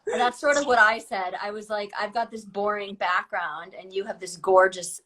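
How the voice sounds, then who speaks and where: A woman's voice: mid-range voice, fairly even intonation, normal speed, pushed and bright. A woman from Chicago hosting a live online wine tasting from her home kitchen over a video call, chatty and upbeat, talking through the setup as she goes. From Chicago area. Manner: chatty, upbeat, thinks aloud through logistics. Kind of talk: casual live-stream chat.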